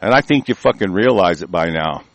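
A man's voice: low-pitched, lively intonation, brisk, no room sound. A man ranting angrily about politics, swearing constantly and stumbling over his words when he reads aloud. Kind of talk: angry profane rant.

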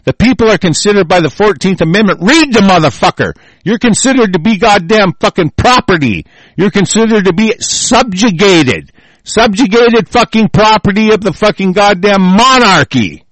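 A man reading lines aloud and answering them in a profane, angry rant, swinging between loud outbursts and low muttering. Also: lively intonation, moderate pace, dry recording. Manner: reads lines aloud then rants with heavy swearing. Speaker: vlogger reacting to a text.

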